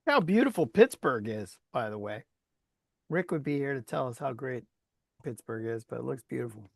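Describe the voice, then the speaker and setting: A woman's voice: very deep voice, normal speed, gravelly, no room sound, clean studio sound. A woman co-hosting a sports podcast, a former agent, telling stories in casual chat and laughing often. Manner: lively storyteller who laughs often.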